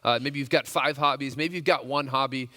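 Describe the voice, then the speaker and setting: A male pastor speaks to a roomful of men with a bright, forceful voice and a loose, conversational delivery, stumbling through restarts and fillers as he warms up. His voice carries a long reverb from the large hall. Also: mid-range voice, steady tone, a little fast. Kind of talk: casual sermon.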